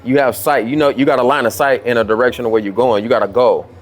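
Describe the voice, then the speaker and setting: A man hosting a casual interview show, talking in a loud, profane, playful pep-talk manner. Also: medium pitch, steady tone, quick pace. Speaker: show host. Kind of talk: casual hype interview chat.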